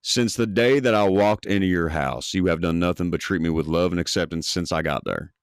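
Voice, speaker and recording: Man, deep low voice, podcast co-host, brash and emphatic, swears a lot, dry close sound. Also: brisk, clear, resonant tone, dry recording. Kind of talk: casual podcast chat.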